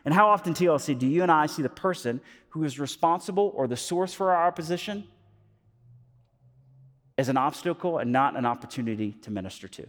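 A male pastor giving a sermon, telling stories in an animated way with lots of fillers, moving between loud and hushed. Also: fairly high pitch, fairly quick. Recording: long hall reverb.

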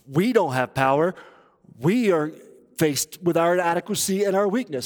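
A man preaching a sermon as pastor, urging and earnest, moving between loud appeals and hushed, intense passages. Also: a little high, animated, moderate pace. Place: church auditorium. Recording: long reverb of a large hall.

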